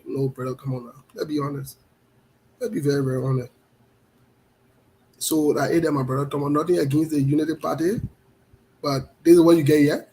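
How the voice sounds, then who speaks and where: A male talk show host with a fairly high voice. He talks with blunt passion, calls out viewers' names one after another and argues his point hard. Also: steady tone, quick pace, pauses often, low-quality recording. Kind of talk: live online talk show, greeting viewers.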